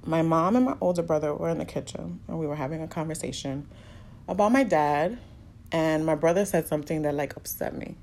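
A woman's voice: low-pitched, a little fast, creaky, darkish tone. A woman openly telling a personal story, emotional and fighting back tears. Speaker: podcast host sharing a personal story.

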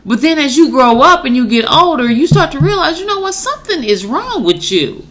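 A blunt woman, talking in a casual co-hosted chat. Her voice is bright and forward. She swears freely and hammers her points home with rhetorical questions. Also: high-pitched, big pitch swings, brisk. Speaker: podcast co-host.

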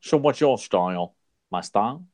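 A man doing an impression of a calm martial arts film master, slow and low, with an odd accent close to Australian. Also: no room sound. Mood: calm, terse. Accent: odd put-on accent, close to Australian.

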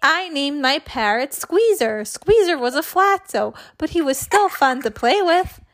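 Mom reading a storybook aloud, high voice. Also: female voice, sing-song, unhurried, a bit bright. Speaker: host, reading to children.

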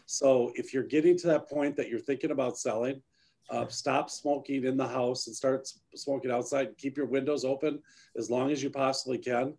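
Guy hosting a chat, mid pitch, ranting hard, repeats stuff for emphasis. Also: fairly even intonation, moderate pace, a little mellow. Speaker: host. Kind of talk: casual chat.

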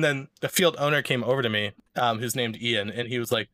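Man host, casual rambling storyteller, bright tense voice, mid pitch. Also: brisk. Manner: rambling, many fillers and restarts. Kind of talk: casual chat.

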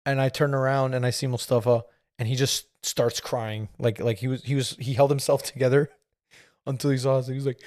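A male podcast host in his thirties rambles through a casual story with plenty of fillers and laughter. His voice sits at medium pitch with a flat delivery and a fairly quick pace, recorded at studio quality with no echo.

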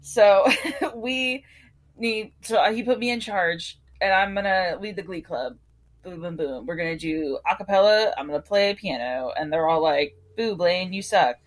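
A woman's voice: lowish voice, moderate pace. Laid-back young woman recapping a show. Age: young adult. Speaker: podcast co-host. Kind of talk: casual chat.

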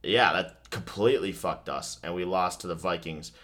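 A man with a fairly low voice chats about football in a loose, profane rant. He jumps from fired-up bursts to flat, let-down muttering as he talks over a game. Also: moderate pace. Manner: profane, ranting, swings from excited to deflated. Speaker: host watching and commenting on a football game. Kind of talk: casual sports chat.

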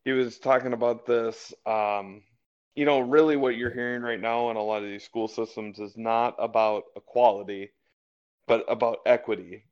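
A man's voice: medium pitch, fairly even intonation, normal speed, a little mellow. A man co-hosting a casual political chat show, talking in a rambling way full of fillers and restarts. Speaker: podcast co-host. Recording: slightly dull lo-fi audio.

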